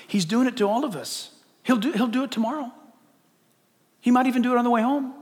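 A man preaching a sermon in a church, animated and direct, firing rhetorical questions at the congregation. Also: extremely high pitch, fast. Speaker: pastor. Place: church hall. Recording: long hall reverb.

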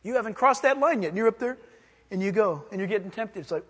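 A man preaching a sermon as pastor, animated, acting out voices and laughing as he teaches. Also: high-pitched, fast, slightly rough. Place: church sanctuary. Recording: long reverb of a large hall.

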